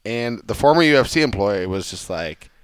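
A man's voice: fairly low pitch, animated, moderate pace, clear, resonant tone, no echo, studio quality. A man from Canada, a guest on a casual podcast, telling stories in a self-deprecating way and laughing often.

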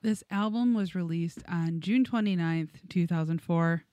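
A woman's voice: lowish voice, a little slow, warm tone, no echo. A woman co-hosting a music podcast, reading listener comments aloud with frequent giggles. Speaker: podcast co-host.

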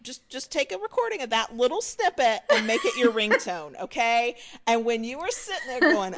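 A woman's voice: a little high, sing-song, moderate pace, hardly any pauses. A woman co-hosting a podcast over a video call, talking in a laid-back, playful way and swearing casually. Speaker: podcast co-host. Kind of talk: casual chat.

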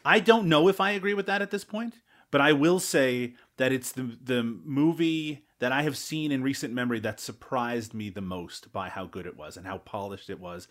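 A man's voice: medium pitch, moderate pace, a bit bright. A man co-hosting and editing a film podcast who speaks in a blunt, joking manner. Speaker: podcast co-host and editor. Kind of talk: casual film discussion.

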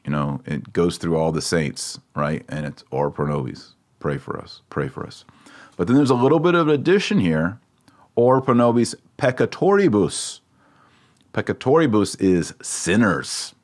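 A man with a very low voice gives a relaxed, chatty lesson on a Latin prayer. He patiently drills pronunciation, saying words slowly and more than once. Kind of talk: casual spoken lesson.

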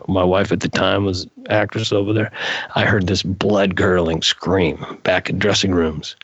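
Podcast guest, man, low gravelly husky voice, relaxed storyteller, slightly lo-fi line. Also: no room sound. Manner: laid-back, animated anecdotes with surfer slang. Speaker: podcast guest, frisbee freestyler. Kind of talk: casual storytelling.

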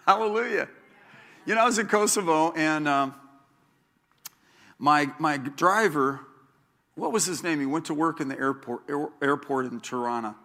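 A man's voice: a little high, moderate pace, long pauses, bright, forceful tone. A man preaching a sermon as pastor, repeating key lines and telling stories with a laugh.

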